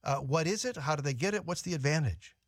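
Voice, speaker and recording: A man's voice: a little high, animated, quick pace, no echo. A man co-hosting a radio program who chats in a friendly, conversational way and reads out announcements. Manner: friendly, conversational, with filler uhs. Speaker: radio co-host. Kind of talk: casual radio chat and announcements.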